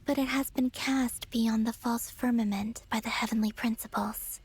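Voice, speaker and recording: A woman voicing a gentle, sorrowful young moon goddess in a game cutscene, speaking in a breathy, hushed way. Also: a little high, steady tone, normal speed.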